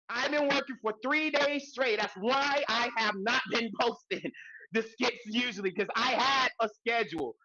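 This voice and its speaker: Very high, bright, hyped-up male podcaster. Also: dry recording, low-quality recording. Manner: hyped, loud hype-man intros; profane, slangy banter. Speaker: podcast co-host. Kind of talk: casual podcast chat.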